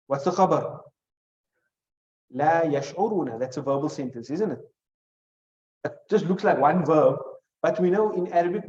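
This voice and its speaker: In a classroom, a man with a slightly high, warm and mellow voice teaches grammar step by step, quizzing his students with questions. He also rattles off short Arabic phrases quickly. The recording is dull and lo-fi, with an echoey room sound.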